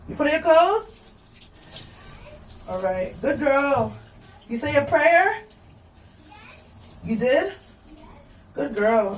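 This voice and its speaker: A woman's voice: high-pitched, big pitch swings, takes it slowly, long pauses, slight background noise. Chatty young woman vlogging at home. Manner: chatty, rambling, talks to a child off camera and reads comments aloud. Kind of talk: casual vlog chatter while cleaning.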